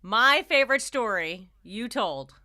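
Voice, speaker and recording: A woman co-hosting a podcast in casual chat, excitable and playful, laughing often. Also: fairly high pitch, measured pace. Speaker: podcast co-host.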